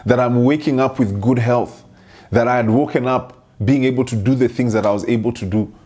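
Husky-voiced man preaching earnestly. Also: medium pitch, brisk, darkish tone. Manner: earnest, personal storytelling with repetition. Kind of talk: sermon.

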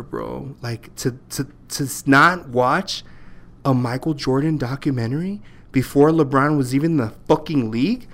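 A man in heated casual banter, pushing his point emphatically, swearing and saying "bro". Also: medium pitch. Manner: exasperated, emphatic, swears a lot, calls the other "bro". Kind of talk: casual argumentative chat.

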